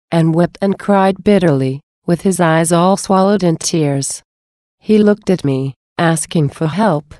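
A woman reading a devotional text aloud in a slow, measured, solemn manner. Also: on the low side, darkish tone, no echo, clean studio sound. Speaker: reader.

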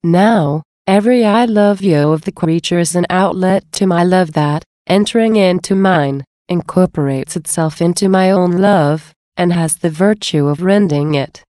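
A woman with a fairly low, mellow voice reads a devotional text aloud. Her delivery is slow, earnest and measured. The recording is dry and close, with no room sound. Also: no echo. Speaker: devotional reader.

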